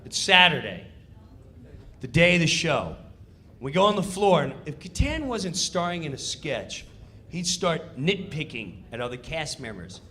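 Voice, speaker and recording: A man telling an animated comedic backstage story, acting out the scene as he goes. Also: on the high side, a little slow.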